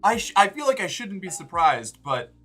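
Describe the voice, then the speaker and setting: A man's voice: high-pitched, very animated, normal speed, bright, forceful tone, faint music behind. An American man chatting casually with viewers on a livestream, rambling with lots of fillers and swearing freely. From United States.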